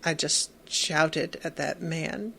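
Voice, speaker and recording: A woman voicing a worried middle-aged immigrant father, quiet and earnest, in a podcast recap. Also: on the low side, slow.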